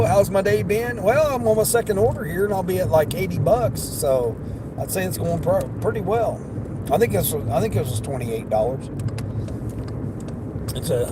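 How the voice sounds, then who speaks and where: A man from the American Midwest, chatting casually to his live-stream viewers from his car, greeting them by name and laughing often. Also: sits high. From Midwestern United States. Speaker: delivery driver livestreaming. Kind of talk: casual live-stream chat while driving. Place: inside a car on the road. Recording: road and car noise behind.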